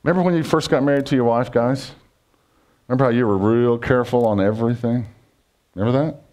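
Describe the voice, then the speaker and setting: A man's voice: mid-range voice, fast, darkish tone. Casual joking man preaching a sermon. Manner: conversational, jokey, asks congregation questions. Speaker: pastor.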